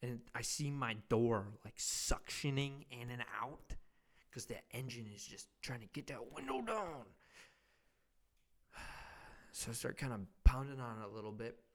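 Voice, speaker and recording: A man's voice: medium pitch, a little slow, a bit bright. A young man hosting a solo comedy podcast, rambling and self-mocking, swearing constantly. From Wisconsin. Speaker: podcast host.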